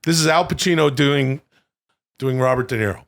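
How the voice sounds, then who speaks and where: A man's voice: medium pitch, moderate pace, creaky, a bit bright. A man co-hosting a comedy podcast who runs playful improvised bits and stumbles over names as he riffs. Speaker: podcast co-host.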